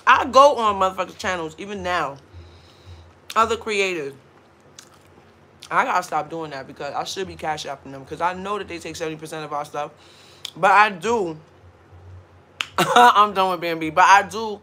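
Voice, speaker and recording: A woman's voice: fairly low pitch, sharp tone. A woman hosting a mukbang livestream, ranting casually with blunt, profane talk and frequent laughs while hungover.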